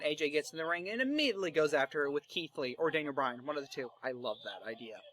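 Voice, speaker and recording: A young man narrating wrestling fantasy booking in a casual, excitable way, joking and swearing. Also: a little high, quick pace, few pauses. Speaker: fantasy booker.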